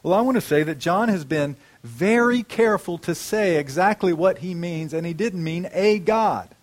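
Higher-voiced man preaching a sermon. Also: expressive, normal speed. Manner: addresses the congregation with questions.

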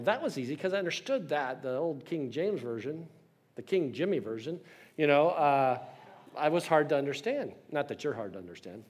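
A man's voice: mid-range voice, husky. A man in his sixties preaching a sermon with storytelling and self-deprecating humor. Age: 60s. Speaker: pastor.

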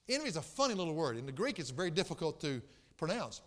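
A man preaching a sermon as pastor, swinging from soft, low passages to loud, impassioned outbursts. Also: animated, very fast, big-room sound.

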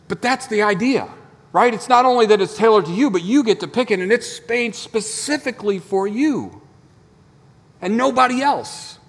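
A man's voice: high-pitched, breathy edge, big-room sound. A man preaching a sermon as pastor, in a conversational storytelling manner full of rhetorical questions. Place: church sanctuary.

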